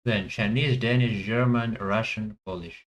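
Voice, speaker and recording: A man thinking aloud as he plays a language guessing game, hesitant and full of pauses and fillers. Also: on the low side, fairly even intonation, a little hiss or hum, rough recording. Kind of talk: thinking aloud while playing.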